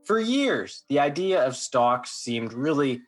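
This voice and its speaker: A man's voice: mid-range voice, very animated, takes it slowly, faint music behind. A man hosting a podcast, talking casually and then doing a dry, tongue-in-cheek mock sponsor read. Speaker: podcast host.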